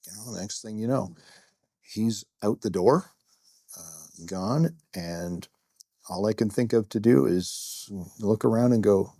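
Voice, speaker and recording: A man's voice: on the low side, unhurried, creaky, pauses often, mellow, no echo, studio quality. A middle-aged man, a security guard, telling a first-person story in a candid, self-deprecating way, rambling with fillers.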